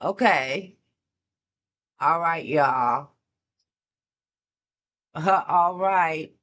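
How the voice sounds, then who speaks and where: A woman hosting a music reaction, commenting in an excitable, exclamatory way and talking straight to her viewers. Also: sits low, extremely slow.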